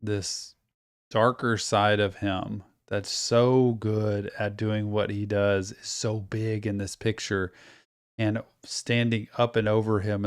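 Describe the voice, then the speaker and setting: Male reaction host, thoughtful counselor manner, smooth voice, dry close sound. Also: fairly low pitch, dry recording. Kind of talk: casual commentary.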